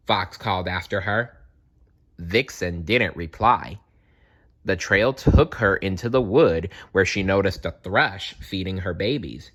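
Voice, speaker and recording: A man reading a children's animal storybook aloud in a slow, expressive way. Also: low voice.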